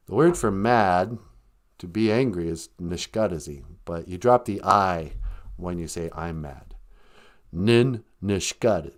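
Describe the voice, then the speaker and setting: A man hosting a comedic podcast, teaching a few words of a language in a relaxed, joking way. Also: low voice, takes it slowly.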